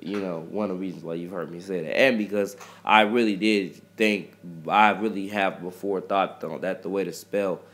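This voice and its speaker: A man's voice: deep voice, steady tone, moderate pace, hardly any pauses. A man giving rambling advice on love and friendship to his viewers, repeating himself and restarting often in a preachy way. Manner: addresses listeners as ladies and gentlemen. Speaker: rapper talking to viewers.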